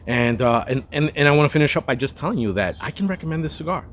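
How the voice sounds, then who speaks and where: A man's voice: on the high side, lively intonation, quick pace, a little hiss or hum. A man hosting a cigar review, talking in a rambling, chatty way with lots of asides and restarts. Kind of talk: casual cigar review monologue.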